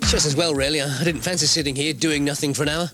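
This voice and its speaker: A man's voice: on the high side, steady tone, fast, music in the background. A man presenting jokey radio links, cheeky and chuckling. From England.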